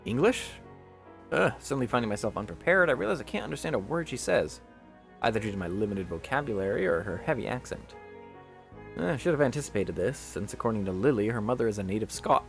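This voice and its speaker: Expressive man reading a visual novel aloud. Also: medium pitch, quick pace, creaky, soft background music. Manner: expressive, chatty, breaks off into jokey asides. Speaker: visual novel reader, channel host.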